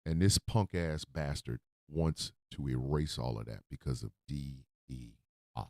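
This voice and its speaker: A man hosting a radio show, talking from the heart in a profane, emotional monologue that swings into loud outbursts. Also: a bass voice, measured pace, creaky, dry recording, studio quality. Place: radio studio.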